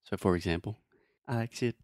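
A man teaching English pronunciation in a relaxed, friendly chat, often demonstrating sounds. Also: on the low side, fairly quick, no room sound, studio quality.

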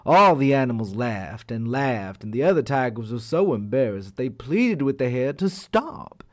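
A man telling a folk tale aloud as a storyteller, in an expressive, unhurried manner. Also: medium pitch. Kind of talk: animated storytelling.

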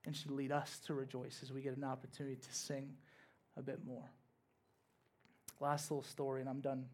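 A man's voice: medium pitch, monotone, fairly quick, darkish tone. A young man, a pastor, giving a conversational sermon with casual asides and rising bursts of energy.

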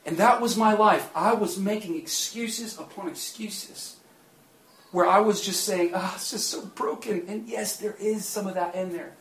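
A man's voice: high-pitched, a little slow. A man preaching a personal testimony sermon, candid and confessional, rising to fervent emphasis. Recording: echoey room.

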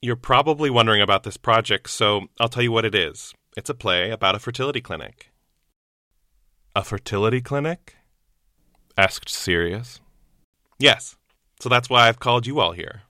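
A young man with a bright, forceful, fairly low voice reads a short story, giving each character a lively voice. The sound is close and dry, with no room around it. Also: normal speed, long pauses, no room sound. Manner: acts out dialogue with lively voices. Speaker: actor reading a short story. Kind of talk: storytelling narration and casual reflection.

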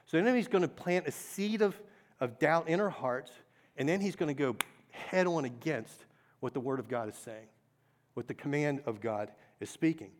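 A man's voice: on the high side, lively intonation, moderate pace. A man preaching a sermon, earnest, asking the congregation questions and repeating key phrases.

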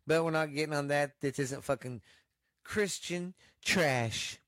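A man's voice: on the high side, steady tone, fairly quick, no echo, clean studio sound. Rambling profane Texan man. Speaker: podcast host. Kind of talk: casual profane news chat. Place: home desk setup.

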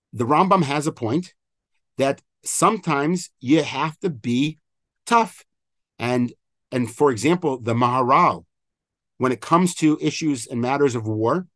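A man's voice: mid-range voice, fairly bright tone, no room sound, studio quality. A middle-aged man, a rabbi, teaching an online class, explaining and quoting old texts with frequent fillers. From Israel. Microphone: video call microphone.

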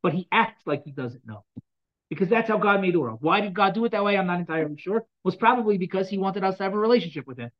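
A man's voice: sits high, lively intonation, quick pace, lo-fi sound. A man teaching a Torah class on Psalms to a live audience, talking casually, repeating phrases and restarting with many fillers.

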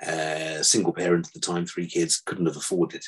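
An older man, a vet, telling stories from his past in a relaxed interview, with dry self-deprecating humour. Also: low-pitched, normal speed, husky. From England. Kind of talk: casual interview chat.

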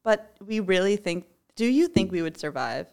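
A woman's voice: medium pitch, very animated, normal speed, gravelly, darkish tone, clean tone. A woman co-hosting a podcast, chatting casually in a bubbly, jokey way and laughing often. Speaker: podcast co-host. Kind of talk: casual chat.

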